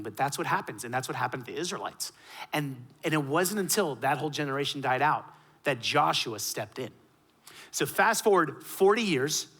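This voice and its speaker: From the pulpit, a pastor with a fairly high, bright, forceful voice preaches dynamically. He swings up to loud, punchy emphasis and then drops into soft, low asides.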